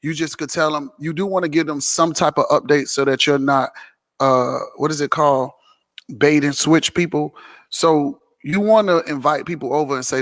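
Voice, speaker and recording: Male vlog host, casual chat, teasing then straightforward, higher voice, long reverb in the room. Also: fairly even intonation, moderate pace, a bit bright. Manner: teasing, laughing, then plainly explaining.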